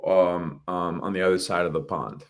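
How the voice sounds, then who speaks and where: Man in his thirties, very low voice, animated podcast chat, swears a lot. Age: 30s. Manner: animated, swearing, quick bursts. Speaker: podcast co-host. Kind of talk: casual chat.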